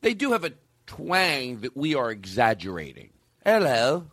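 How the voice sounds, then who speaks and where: A man's voice: medium pitch, huge pitch swings, moderate pace, fairly bright tone, dry recording, studio quality. A man hosting a comedy podcast, rambling playfully and laughing through his banter. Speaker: podcast host.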